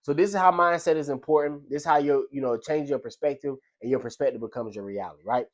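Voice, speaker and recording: A man's voice: mid-range voice, fast. A man, a delivery driver, giving a casual motivational talk in a loose, slangy storytelling manner. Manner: loose, slangy storytelling with frequent "you know what I'm saying". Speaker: delivery driver sharing life lessons.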